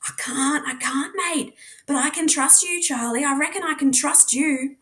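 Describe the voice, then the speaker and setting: A woman voicing a secretive, tense teenage boy who speaks in clipped, quiet bursts. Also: high voice, normal speed, echoey room, voice pushed up.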